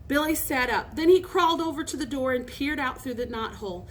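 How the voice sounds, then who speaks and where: A woman reading a children's novel aloud in an expressive, lively way. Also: sits high, a little fast, slight background noise. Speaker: storybook reader.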